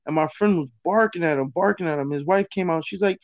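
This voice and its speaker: Animated, slangy man telling stories. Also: sits high, fast talker, no echo. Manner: animated storyteller, slangy, many fillers. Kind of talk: casual chat. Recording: dull, dry sound.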